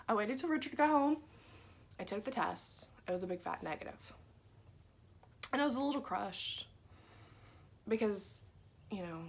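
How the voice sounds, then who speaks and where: A woman telling a personal faith story in an earnest, conversational way, sometimes dropping to a soft whisper. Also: mid-range voice. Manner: earnest, drops to a soft whisper at tender moments. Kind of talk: personal testimony.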